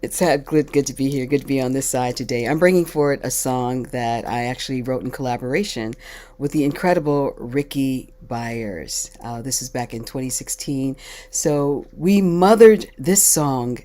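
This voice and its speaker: A woman guest song leader on a video call, teaching a chant line by line with frequent laughter. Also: extremely low pitch. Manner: laughs often, sings example lines, slow and relaxed.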